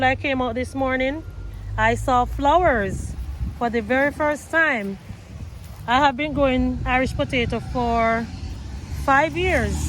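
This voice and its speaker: A woman's voice: high voice, fairly bright tone, a little hiss or hum. A woman gardening vlogger talking viewers through her garden outdoors, chatty and repeating herself. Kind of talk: casual garden tour vlog.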